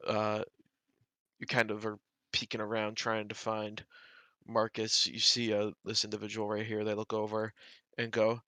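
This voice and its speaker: A man narrating a tabletop game as game master, relaxed with frequent fillers. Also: fairly low pitch, moderate pace, dry recording.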